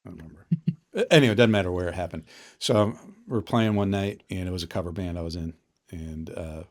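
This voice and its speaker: A middle-aged man, a guest on a podcast, tells stories in casual chat. He is relaxed, chuckles often and starts his sentences over. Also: sits low, fast talker. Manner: relaxed, chuckling, trailing restarts. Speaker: podcast guest, finance executive.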